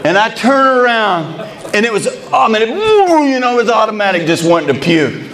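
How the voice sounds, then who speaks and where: High-voiced man telling a comic story. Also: normal speed. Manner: animated, comic storytelling with quoted dialogue. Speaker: baseball pitching coach. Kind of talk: motivational keynote storytelling.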